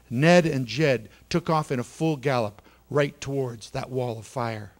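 A man telling a story in a sermon with great drama, swinging from loud, urgent bursts to hushed near-whispers. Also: a little high. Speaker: pastor. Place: church sanctuary.

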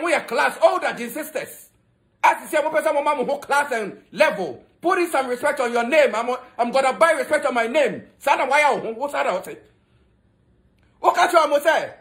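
A man's voice: very high-pitched, lively intonation, moderate pace, fairly bright tone. A man with a Ghanaian accent giving a mocking, scolding gossip commentary that switches between Twi and English. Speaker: entertainment commentator.

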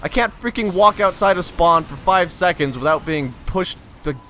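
A man giving live gameplay commentary, frustrated and ranting, sometimes breaking into loud shouts. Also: high voice, normal speed, slight background noise. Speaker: gamer recording gameplay commentary.

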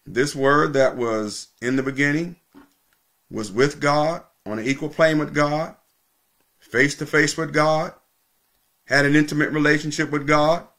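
A male pastor preaching a sermon, teaching with emphatic repetition and slowing down to stress key points. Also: fairly high pitch, fairly even intonation, a bit bright.

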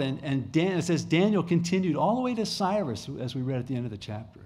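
A man's voice: on the high side, very animated, a little fast, hardly any pauses, darkish tone. A middle-aged man, a pastor, preaching a sermon in a conversational way, repeating phrases for emphasis and restarting sentences.

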